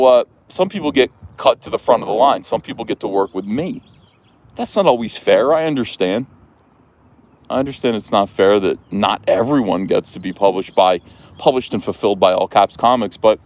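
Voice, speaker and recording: A man hosting a livestream as a comics publisher, delivering a rambling, bombastic, mock-patriotic rant full of "uh" fillers. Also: medium pitch.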